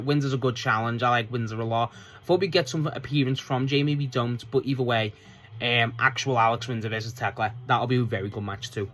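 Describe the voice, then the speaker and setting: A man rambles through a wrestling show review, swearing freely and tripping over restarts. His voice sits at an ordinary middle pitch for a man, casual and unpolished. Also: bright, forceful tone.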